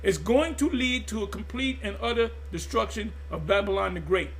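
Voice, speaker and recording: A man's voice: high-pitched, moderate pace, a bit bright, a little hiss or hum. A man preaching in an impassioned monologue, emphatic and repetitive, often stumbling and restarting mid-phrase. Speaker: religious group teacher.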